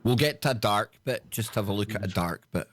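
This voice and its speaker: A man hosting a casual livestream chat, talking in an excitable, slangy way. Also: on the low side, a little fast, no room sound. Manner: excitable, loud laughs, slang-heavy. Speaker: host.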